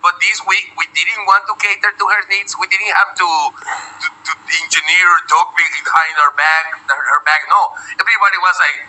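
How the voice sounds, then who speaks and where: A man's voice: high-pitched, fairly even intonation, normal speed, pushed and bright, a little hiss or hum, low-quality recording. A man co-hosting a streaming show, talking in rambling, profane casual chat with many repeated starts. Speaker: streamer co-host.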